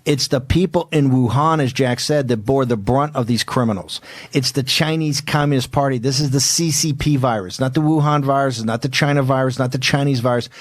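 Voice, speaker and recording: Combative fast-talking male host. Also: mid-range voice, no room sound. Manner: combative, rapid-fire, emphatic. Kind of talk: fiery political talk show.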